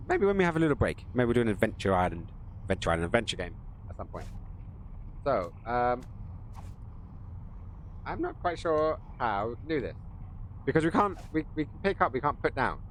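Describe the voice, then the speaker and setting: A man streams a point-and-click game and chats away to his viewers. He rambles and jokes in a relaxed, offhand way. His voice sits at a middle pitch, with a faint hiss in the background. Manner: rambling, jokey, chatting to viewers. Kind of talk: casual live-stream game commentary.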